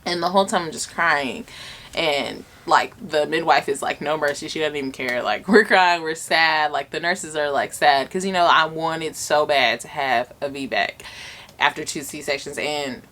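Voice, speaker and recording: This young mother and vlogger has a low, fairly bright voice and speaks at normal speed. She tells a personal story sincerely and emotionally in a chatty style, leaning heavily on the filler "like."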